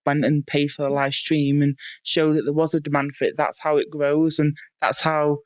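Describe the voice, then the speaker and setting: Woman, podcast guest, casual answers, even tone, smooth clear voice, dry close mic. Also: low voice, moderate pace, no echo. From United Kingdom. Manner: relaxed, filler-heavy, with frequent "um" and "like". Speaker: strongwoman athlete, podcast guest.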